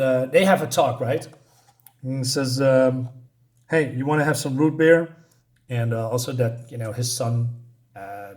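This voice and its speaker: A man casually recapping a comic book issue, reading out the characters' lines, with lots of fillers and a way of talking. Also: mid-range voice. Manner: retells the plot, reads out character lines with many fillers and laughs.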